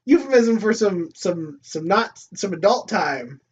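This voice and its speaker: A man co-hosting a movie podcast, lively and full of laughs, acting out film lines with a wide, swooping pitch. His voice is somewhat husky. The recording sounds distant and muffled. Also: measured pace. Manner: animated, laughs often, acts out movie lines. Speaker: podcast co-host. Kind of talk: casual movie discussion.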